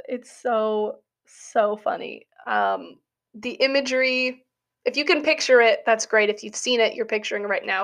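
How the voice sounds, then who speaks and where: A young adult woman, a college student, talking through a casual spoken essay in a chatty, giggly way full of "like" fillers. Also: a little high. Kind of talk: casual monologue.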